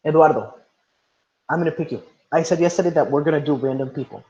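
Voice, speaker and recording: Leading a class online via video call, a male teacher reads out instructions and encourages students, naming each one he calls on. He talks fast in a higher, mellow voice, and the audio is lo-fi.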